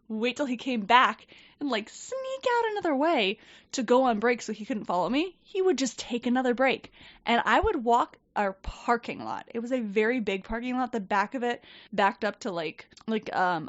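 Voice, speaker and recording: A woman telling a story in casual chat, animated and swearing, acting out quoted people. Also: fairly high pitch, normal speed, dry recording. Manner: animated, profane, quotes people in lively voices. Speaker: podcast guest. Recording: dull, dry podcast mic.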